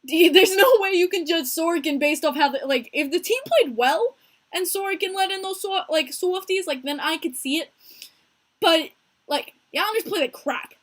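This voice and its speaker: Young american girl with a high voice, chatting hockey on her stream, lively and talky, calls out her viewers. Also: normal speed. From United States. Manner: animated and chatty, answering viewers by name. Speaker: podcast host streaming live with chat. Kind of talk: casual hockey chat.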